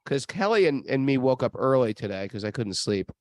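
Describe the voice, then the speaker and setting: A man's voice: mid-range voice, very animated, fairly quick. A man hosting a podcast, telling stories in a casual, rambling way with lots of restarts and fillers. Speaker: podcast host. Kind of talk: casual storytelling chat. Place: travel spot near temples.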